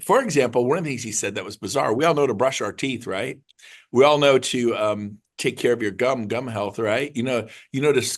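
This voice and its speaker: A middle-aged man, a realtor, giving an excited, rambling motivational talk to his group. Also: mid-range voice. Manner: excited, rambling, jumps between numbers. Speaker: realtor leading a mastermind call.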